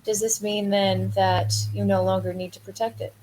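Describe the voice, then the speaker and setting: A woman's voice: medium pitch, level tone, moderate pace, a little mellow, slight background noise, poor audio. A woman playing a tabletop game, coaxing and talking in character to a creature. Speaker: player.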